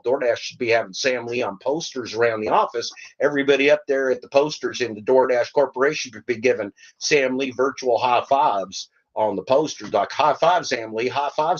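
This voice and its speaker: A man's voice: medium pitch, dull audio. An older man hosting a podcast, reading points aloud and breaking into fiery, rambling, sarcastic rants. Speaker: podcast host.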